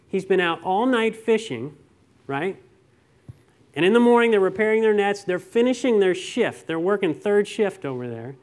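A high-voiced man preaches a sermon, first reading scripture and then talking conversationally to the congregation with rhetorical questions and stories.

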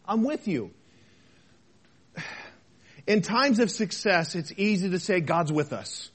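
A high-voiced man preaching a sermon as a pastor. He talks to the congregation in a conversational way, with rhetorical questions. He swings between loud emphasis and soft, quiet asides. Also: expressive, slow pace, pauses often, slightly rough.

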